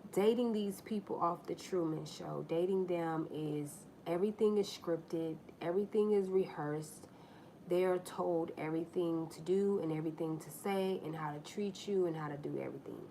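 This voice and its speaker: A woman hosting a livestream, telling a personal story to her viewers in a candid, profane, animated way. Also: lowish voice, a little slow, a little hiss or hum. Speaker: livestream host.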